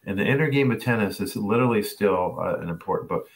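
Man, middle-aged, tennis coach, lowish voice, animated storyteller, video call. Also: fast, gravelly. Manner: animated, acts out quoted voices. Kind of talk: storytelling masterclass talk.

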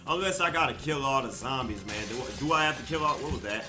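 A man giving casual gameplay commentary, loud, profane and excitable, joking with his viewers. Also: medium pitch, fast. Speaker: gaming streamer. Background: game music.

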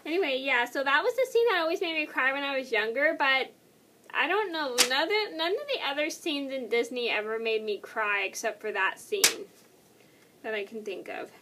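A woman's voice: sits high, normal speed, heavy background noise. A young woman vlogging casually, answering questions in a rambling, self-correcting way and sounding tired. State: tired and yawning. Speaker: YouTuber.

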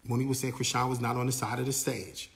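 A man's voice: medium pitch, flat delivery, quick pace, creaky. A man telling a long backstage story in casual, rambling talk, repeating himself and acting out what others said. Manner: rambling, repeats himself, acts out quoted dialogue. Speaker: storyteller recounting a backstage event.

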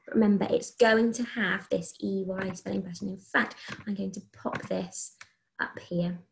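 A woman, a primary school teacher from England, giving a recorded phonics lesson to young children, dictating sentences slowly and clearly and praising often. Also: medium pitch, steady tone, slight background noise. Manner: slow, clearly sounded dictation with encouraging praise.

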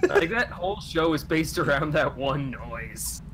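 A man with a somewhat high voice speaks slowly and makes laid-back, dry remarks on a stream. Clear background noise runs under his voice. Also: animated. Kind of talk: casual chat.

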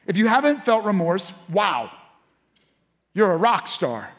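Male pastor, high voice, animated sermon delivery, long church reverb. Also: a little slow. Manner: animated preaching with audience call-outs. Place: church sanctuary.

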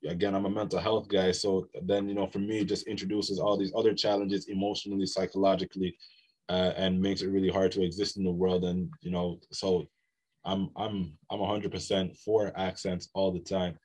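Male panelist, very low monotone voice, hesitant and self-deprecating. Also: brisk, slightly rough. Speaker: panelist poet. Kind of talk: panel discussion.

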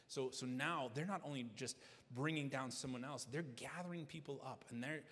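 Man, pastor preaching, middle pitch, earnest, restarts phrases, reverberant church hall. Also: fairly quick, few pauses, a bit bright. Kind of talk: sermon. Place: church sanctuary.

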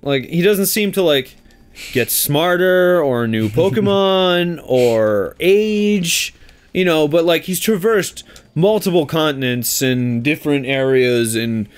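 A man's voice: fairly high pitch, slow pace, clear, resonant tone. A young Canadian man co-hosting a let's play, chatting casually and jokily as he plays. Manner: animated, jokey, does silly voices. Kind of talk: casual gaming commentary.

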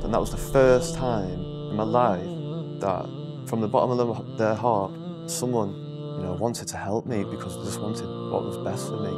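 A young man from northwest England, telling his life story as an interview guest in a candid, halting way. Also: fairly low pitch, over music. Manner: candid, repetitive, halting restarts. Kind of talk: personal testimony interview.

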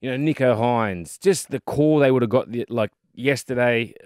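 A man's voice: medium pitch, moderate pace, clean tone, no echo, studio quality. Australian man spinning footy stories. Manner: animated storyteller, fillers and mate. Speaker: podcast co-host, former rugby league player. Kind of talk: casual storytelling chat.

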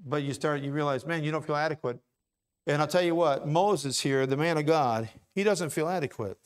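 A man preaching a sermon in a church, rising to loud, repeated calls and dropping to low, quick, conversational asides. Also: clean tone. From Ohio. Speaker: pastor. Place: church sanctuary.

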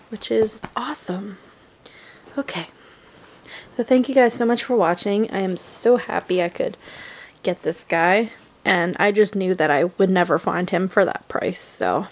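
A woman vlogger from Canada, unboxing a package at home in a casual, gushing, excitable way. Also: a little high.

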